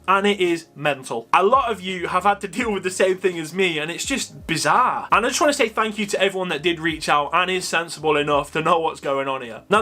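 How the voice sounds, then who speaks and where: A man's voice: sits high, pushed and bright. A man with a Coventry accent, talking casually to his viewers in a sarcastic, chatty way full of fillers. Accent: Coventry English. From Coventry, England. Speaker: wildlife YouTuber. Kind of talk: casual vlog commentary.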